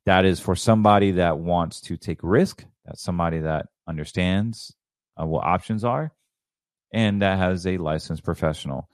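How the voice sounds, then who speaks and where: In a dry, studio-quality recording, a middle-aged podcast host delivers an enthusiastic, rambling solo monologue in a low-pitched voice.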